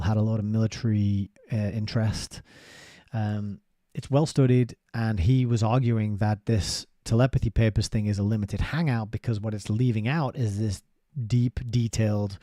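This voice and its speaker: Low dry-voiced man reading aloud. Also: normal speed, no room sound. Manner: steady reading broken by chatty asides with fillers and laughs. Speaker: book reviewer. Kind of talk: reading a book aloud with casual commentary.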